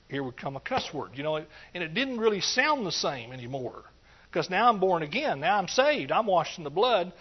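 A middle-aged preacher with a high voice delivers a folksy, joking sermon. He breaks into lively shouts of praise now and then. The recording sounds dull and lo-fi. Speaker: pastor.

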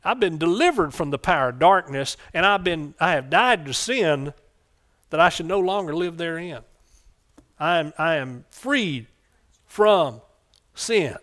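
A middle-aged preacher, his voice pitched a little higher than most men's, speaks somewhat slowly with lively intonation. Fervently calling out for amens throughout his sermon, he alternates between quiet asides and loud eruptions.

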